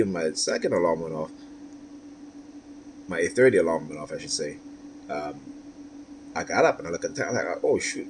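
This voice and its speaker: Low-voiced man rambling with many fillers. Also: a little mellow, a little hiss or hum. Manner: rambling, repeats "right?", many fillers, gets heated. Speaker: commentator. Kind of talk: personal monologue.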